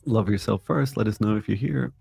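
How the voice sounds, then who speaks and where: Deep, gravelly man hosting a stream. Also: fairly quick, warm tone, faint music behind. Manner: chatty, laughs easily. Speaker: co-host, psychic reader. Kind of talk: live-stream chat and readings.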